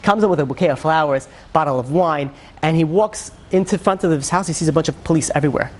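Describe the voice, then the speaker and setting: A man, a rabbi, telling a dramatic story in a sermon, with lively, conversational storytelling that swings into character voices. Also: fast talker. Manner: animated storyteller, acts out characters with shifts in pitch; conversational, many fillers.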